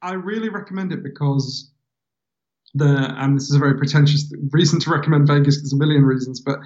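A man from England with a London accent, a guest author in a casual interview, telling stories in an animated, chatty way and laughing often. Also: a little high, fairly quick, highs cut off. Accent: London English.

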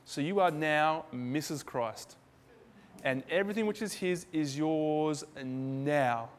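A man preaching with a slightly high voice, chatty and informal, slipping into quick acted-out voices for the people in his examples. His words ring out with a long reverb, as in a big church hall. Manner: conversational, acts out dialogue with shifting voices. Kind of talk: sermon.

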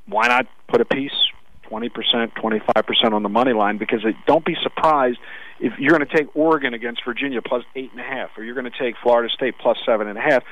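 A man co-hosting a sports radio show, pushing his betting picks in quick, insistent bursts. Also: medium pitch, fairly even intonation, a bit bright, a little hiss or hum, rough recording. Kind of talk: casual sports betting talk.

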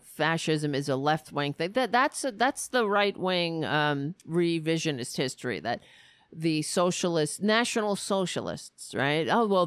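Woman host, casual ranting commentary, unhurried pace, dry close sound. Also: deep voice, clean tone, no room sound. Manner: profane, animated storytelling with quoted exchanges. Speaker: political show host.

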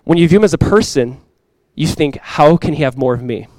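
Preaching in an easygoing, conversational style, this pastor in his thirties tosses off quick asides as he goes. His slightly higher-than-average male voice is recorded dry and close, without any echo or room sound.

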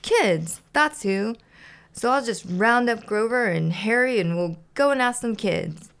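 A woman's voice: a little high, animated, measured pace, a bit bright, voice pushed up. A woman doing an upbeat puppet frog. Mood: decisive.

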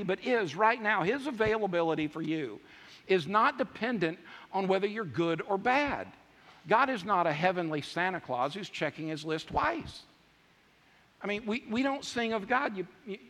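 A man preaching a sermon, emphatic and repetitive, swinging from loud declarations to hushed asides. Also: high voice, animated, normal speed. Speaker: pastor. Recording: long hall reverb.

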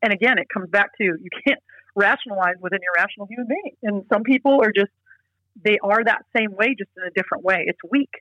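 Earnest woman with a bright voice. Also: mid-range voice, fast talker, no room sound, rough recording. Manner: earnest, emphatic, frequent restarts. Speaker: interview guest. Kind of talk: casual interview talk.

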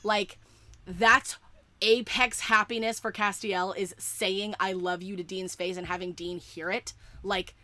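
A young woman talks in an animated, emphatic rush, piling up fillers and swear words. Her voice is bright and forward, with a clear edge. It sounds like an easygoing chat between friends. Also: mid-range voice, unhurried. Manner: excitable, emphatic, swears often, many fillers. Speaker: fan podcaster. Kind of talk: casual chat.

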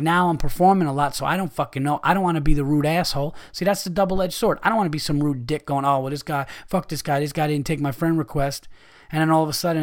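A middle-aged man hosting a podcast, delivering a profane, angry rant with loud outbursts. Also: a little high. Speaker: podcast host, comedian.

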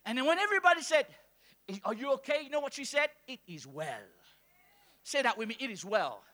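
High-voiced preaching pastor, man. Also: sing-song, quick pace. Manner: call-and-response preaching, swings from soft to shouting. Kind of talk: sermon. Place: church hall with congregation.

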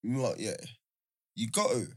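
A man's voice: mid-range voice, sing-song, moderate pace, slightly rough. A young man, teasing and joking in slangy casual banter.

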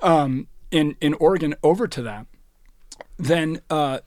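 A man's voice: a little high, a little slow, no room sound. A man on a beer talk show, telling brewing stories and ranting with emphasis, often acting out the people he quotes. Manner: animated, emphatic rants and acted-out quotes. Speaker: brewer on a beer podcast. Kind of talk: casual chat, storytelling.

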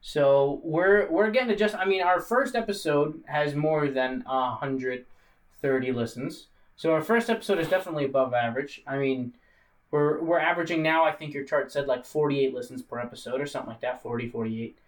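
A man hosts a loose, casual podcast chat, rambling from point to point and cracking jokes. His voice sits a little high. He sounds slightly distant from the microphone. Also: fairly quick. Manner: rambling, joking, laughs often. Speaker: podcast host.

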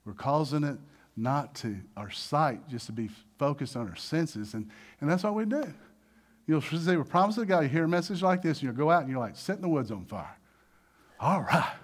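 A male pastor preaching a sermon in an animated way, acting out little voices and swinging between loud and soft. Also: fairly high pitch, fairly quick.

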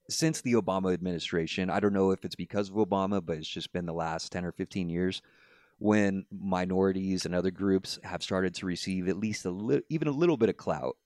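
A man's voice: low voice, normal speed, a little mellow, no echo, clean studio sound. A man in his thirties hosting a casual podcast discussion, talking loosely with restarts and laughing asides. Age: 30s. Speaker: podcast host.

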